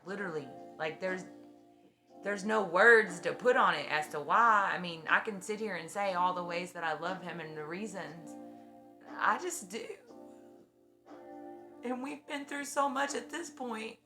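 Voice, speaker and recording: A woman's voice: on the low side, unhurried, bright, forceful tone. A woman in her forties talking in a blunt, profane and effusive way in a casual emotional chat on a stream. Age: 40s. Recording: music playing behind.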